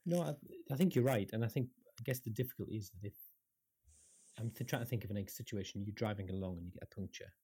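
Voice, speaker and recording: A man's voice: fairly low pitch, fast talker, dark tone, slightly rough. A man co-hosting a podcast over a call, thoughtful and self-questioning, with false starts. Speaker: podcast co-host. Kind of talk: casual podcast chat.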